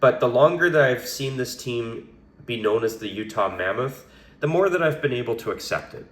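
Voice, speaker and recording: A man with a hoarse, raspy voice from a cold, giving rambling solo commentary on a sports topic with frequent restarts. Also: mid-range voice, lively intonation, normal speed, echoey room. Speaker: hockey commentator.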